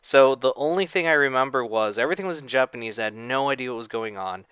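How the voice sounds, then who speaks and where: A man talks to his viewers in a loose, rambling way, filling pauses with "uh" and "um" and tossing in casual swearing. His voice is smooth and clear, and the recording is dry and close with almost no room sound. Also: medium pitch, no echo. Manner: relaxed, rambling, frequent fillers and swearing. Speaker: video creator. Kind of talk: casual storytelling vlog.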